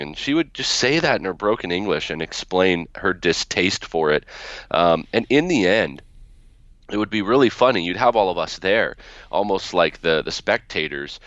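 A man's voice: deep voice, expressive, normal speed, fairly bright tone, no room sound, muffled recording. A man being interviewed about his book, telling family stories in a chatty way with many restarts. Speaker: guest, author. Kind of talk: interview storytelling.

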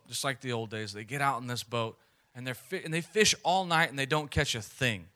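A man preaching a sermon, retelling a scripture story in a relaxed, conversational way. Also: mid-range voice.

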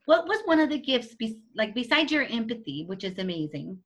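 A woman's voice: fairly high pitch, sing-song, fairly quick. A woman interviewing a guest, giving encouraging affirmations and asking questions. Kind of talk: casual interview.

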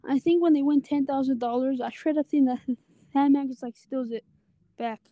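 A woman's voice: sits high, steady tone, normal speed. A woman in casual chat on a phone call with no headset, telling rambling stories full of filler words.

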